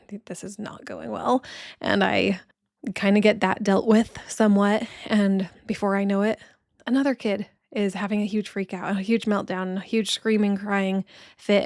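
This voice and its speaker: A woman's voice: medium pitch, darkish tone, no echo, studio quality. A woman hosting a podcast, telling a personal story in a candid, reflective, conversational way with casual fillers. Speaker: podcast host.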